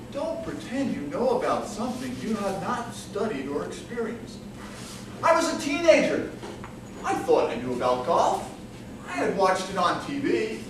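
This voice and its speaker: A man giving a humorous competition speech, telling a story with animated comic timing, recorded from a distance in a large hall with the audience laughing. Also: very high-pitched. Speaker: contest speaker. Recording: echoey hall from far off, with room noise.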